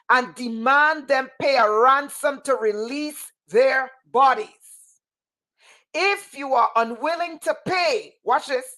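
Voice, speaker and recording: Fervent woman, high-pitched and slow. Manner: fervent and emphatic, repeats phrases for emphasis, sometimes shouts. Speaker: spiritual teacher on a livestream. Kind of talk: impassioned livestream talk.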